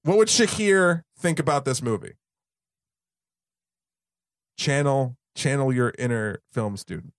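A man hosting a casual podcast chat, excitable, laughing often and swearing freely. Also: medium pitch, measured pace, pauses often, no echo, studio quality. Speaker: podcast host.

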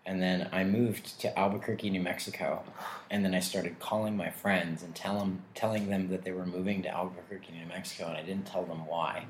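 A man's voice: deep voice, flat delivery, brisk, reverberant, slight background noise. A man in a casual interview, telling rambling stories about his street performing days with frequent laughter and self-deprecating asides.

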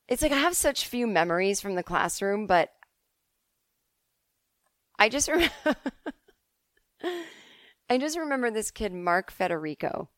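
This podcast host is a woman in her forties from the Boston suburbs, answering listener emails in a candid, chatty way, swearing and laughing easily. Her voice is medium-pitched, and the studio recording is clean with no room sound.

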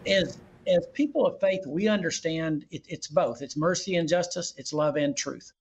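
A man's voice: a little high, normal speed, husky. A man who is a former governor, speaking earnestly as a guest in an interview and often restarting his sentences. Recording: dull lo-fi line.

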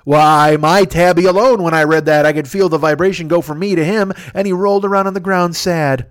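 A man's voice: sits high, fairly even intonation, a little fast, clean tone. Profane, rambling man in his fifties. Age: 50s. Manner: rambling, profane, self-mocking. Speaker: podcast host. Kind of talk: solo comedic podcast monologue. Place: apartment. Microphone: microphone turned sideways.

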